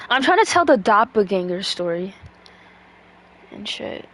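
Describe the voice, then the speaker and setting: Animated, swearing woman streamer. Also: medium pitch, measured pace, a little hiss or hum. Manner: rambling, swears freely, lots of "like". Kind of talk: casual stream chat.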